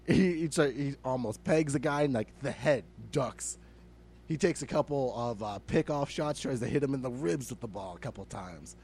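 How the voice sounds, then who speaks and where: A man's voice: medium pitch, normal speed, a little hiss or hum. Young man ranting on a comedy podcast. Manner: animated ranting, swears a lot, many fillers. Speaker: podcast co-host. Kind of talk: casual comedic podcast chat.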